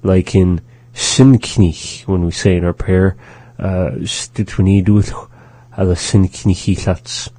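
A man hosting a radio language lesson, patiently repeating phrases slowly for learners. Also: low voice, level tone, warm tone, no room sound. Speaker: language teacher on a radio show. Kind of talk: slow, repetitive language lesson.

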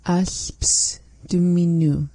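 A woman's voice: lowish voice, fairly even intonation, extremely slow, dark tone. A woman in a language lesson, repeating phrases after the teacher.

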